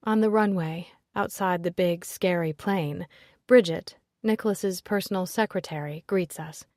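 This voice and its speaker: A woman reading a first-person audiobook in an expressive, emotional storytelling manner. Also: on the low side, a little slow, dry recording, clean studio sound. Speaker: audiobook narrator.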